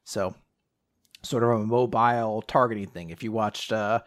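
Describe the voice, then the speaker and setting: A young man co-hosting a podcast, casually recapping an anime, animated, swearing and acting out quotes. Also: fairly low pitch, moderate pace. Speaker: podcast co-host.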